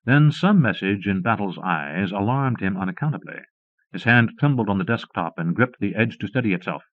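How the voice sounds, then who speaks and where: A man reading a pulp short story aloud as an audiobook narrator, in a measured storytelling read. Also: lowish voice, lively intonation, no echo. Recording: dull lo-fi cassette audiobook.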